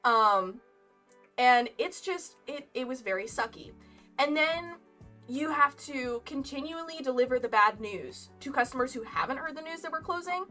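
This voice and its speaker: A woman's voice: high-pitched, expressive, moderate pace, sharp tone, far from the mic. A young woman streamer telling a casual story, chatty and rambling with frequent laughs. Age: young adult. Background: lo-fi game music.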